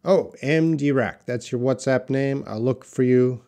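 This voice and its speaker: A man teaching English in a live-stream Q&A, slowly and patiently answering viewer questions with example sentences. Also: medium pitch, dark tone.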